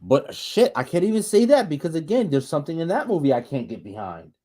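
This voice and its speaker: A man's voice: on the high side, quick pace. A man co-hosting a casual podcast, rambling and profane, stumbling over repeated restarts as he rants. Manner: animated, ranting. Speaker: podcast co-host.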